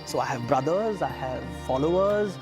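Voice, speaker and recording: A man's voice: fairly high pitch, moderate pace. Indian guy telling myth stories, asks questions as he goes, music playing in back. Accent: Indian English. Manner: storytelling, rhetorical questions, animated quoted dialogue. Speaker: mythologist guest. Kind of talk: explaining and retelling myths.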